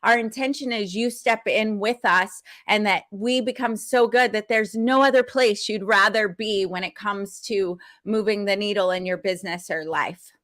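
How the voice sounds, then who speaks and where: A woman hosting an online summit on a video call, effusive and quick to laugh and praise. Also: medium pitch, steady tone, a bit bright. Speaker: event host. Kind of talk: upbeat livestream hosting.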